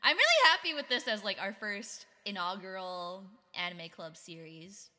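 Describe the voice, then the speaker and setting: A woman's voice: mid-range voice, expressive, normal speed, bright, forceful tone, long reverb tail. A woman streamer chatting casually with her viewers, giggling often and reacting to chat.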